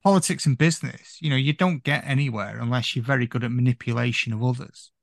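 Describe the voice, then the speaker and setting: Gravelly man rambling about films. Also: medium pitch, quick pace, no room sound, studio quality. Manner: rambling, hedging with "you know", animated. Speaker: podcast guest. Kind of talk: casual film chat.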